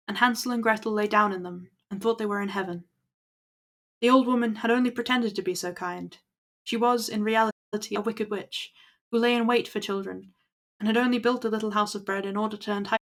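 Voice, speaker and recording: A woman's voice: mid-range voice, fairly bright tone. A woman reading old fairy tales aloud to her stream at an easy pace, with small slips. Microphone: laptop built-in mic.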